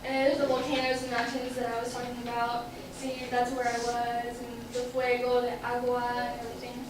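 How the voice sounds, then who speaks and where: A young woman gives an informative class presentation, chatty and explaining through examples. Her voice is high, monotone and brisk, and the roomy classroom audio from a distant camera carries background noise.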